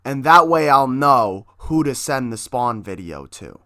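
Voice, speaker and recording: A foul-mouthed man pitching his comic with loose, excited energy. His voice sits in an ordinary middle pitch and sounds dry and close to the mic. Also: unhurried, no echo. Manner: profane, hyped, swears constantly. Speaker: comic creator promoting his book. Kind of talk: casual promo vlog.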